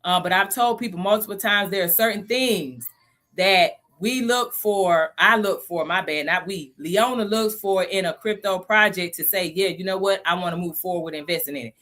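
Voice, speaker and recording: A woman in her thirties hosting a casual live stream about investing, chatty and animated, laughing often. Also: on the low side, normal speed.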